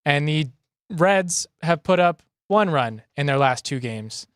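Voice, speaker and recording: A man who is a regular on the show, laying out baseball picks with stats in a measured way. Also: fairly high pitch, animated, clean tone, dry recording, studio quality. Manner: measured, stat-heavy. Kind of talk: casual sports talk.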